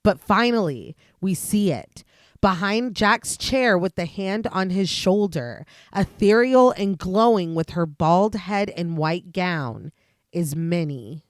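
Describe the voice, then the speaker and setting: A woman co-hosting a podcast, narrating a detailed film plot recap in a steady voice. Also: fairly low pitch, takes it slowly, no room sound, clean studio sound. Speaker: podcast co-host.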